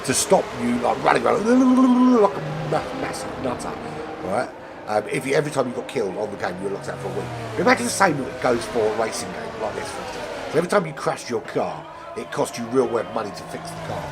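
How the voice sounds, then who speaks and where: A man with a cold and a nasal voice, commentating an online sim racing league, rambling into asides and getting excited during close battles. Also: medium pitch, a little fast, gravelly. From not American. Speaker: race commentator. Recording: game music and engine noise behind. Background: racing game audio and music.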